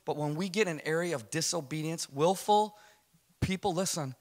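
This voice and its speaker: A man's voice: fairly high pitch, normal speed. A man telling his personal testimony to a church audience, speaking emphatically in a loose, conversational way and checking in with "right?". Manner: animated, emphatic, conversational, keeps asking "right?".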